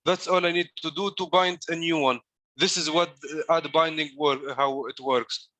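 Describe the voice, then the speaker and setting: Mężczyzna o jasnym, napiętym głosie, tłumaczy kod krok po kroku. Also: male voice, on the high side, steady tone, moderate pace, bright, forceful tone, no echo. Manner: step-by-step explaining while demonstrating. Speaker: coding coach. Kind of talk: live coding walkthrough.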